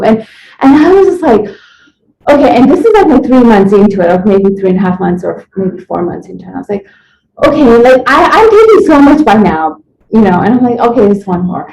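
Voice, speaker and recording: A woman speaks in a casual interview, winding through a personal story and acting out the voices of others. Her voice sits a little high with a soft, mellow tone. The sound is dull and lo-fi, with a roomy echo around it. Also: fairly quick, vocal fry, a little hiss or hum. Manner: rambling, animated retelling with acted-out quotes. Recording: echoey room, dull lo-fi sound.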